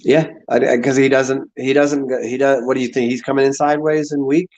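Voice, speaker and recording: A man talks loosely to his audience, circling back and repeating himself as he feels for the words. His voice sits at an ordinary pitch. The recording sounds slightly dull and lo-fi. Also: flat delivery, darkish tone. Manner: halting, repeats words and restarts, laughs and swears. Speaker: streamer answering chat. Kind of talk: casual rambling chat.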